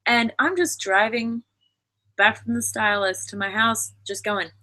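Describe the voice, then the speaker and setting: A young woman hosts a relaxed chat with a friend at her home. She talks eagerly and often cuts in. Her voice sounds bright and crisp. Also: a little high, measured pace. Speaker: host. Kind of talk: casual chat.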